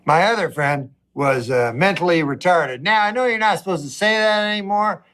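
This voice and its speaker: A middle-aged male comedian works through a long, rambling stand-up story in a flat, deadpan delivery. His voice sits high for a man, and his asides come out in mock outrage. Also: moderate pace, heavy background noise.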